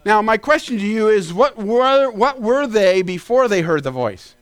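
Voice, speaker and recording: A man preaching a sermon as pastor, climbing into shouted peaks and then dropping into quick asides. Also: high voice, very animated, smooth, no echo, clean studio sound.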